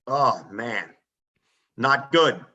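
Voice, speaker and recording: A man telling a story in a casual, animated way on a front porch, as a podcast guest. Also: medium pitch, drawn-out words, dull audio. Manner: animated, acts out quoted voices.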